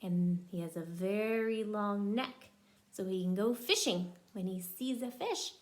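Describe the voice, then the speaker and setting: A woman's voice: medium pitch, animated, unhurried. A young woman reading a picture book aloud to young children as a teacher, in a sing-song way, stopping to explain words and make bird calls.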